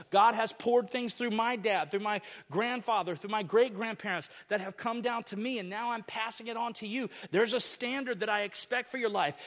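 Casting note: middle-aged male pastor, high voice, earnest sermon delivery with emphatic swells, church hall reverb. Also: fairly bright tone. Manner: earnest, building to emphatic preaching.

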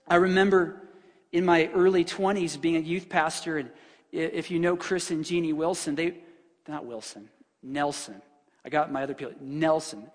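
Male pastor, high husky voice, plainspoken emphatic sermon, long hall reverb. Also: a bit bright. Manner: emphatic, conversational preaching with restarts.

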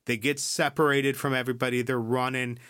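A man's voice: mid-range voice, level tone, brisk, pushed and bright, clear, resonant tone, no echo, clean studio sound. A man hosting a podcast, retelling a story in a loose, chatty way, cursing freely, asking "right?" often and skipping ahead with "yada, yada". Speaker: podcast host. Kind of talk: casual chat, episode recap.

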